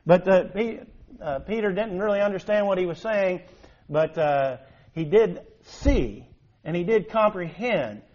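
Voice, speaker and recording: A man preaching a sermon in an animated way, with emphatic rises and rhetorical questions. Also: high-pitched, a little slow. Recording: dull lo-fi recording.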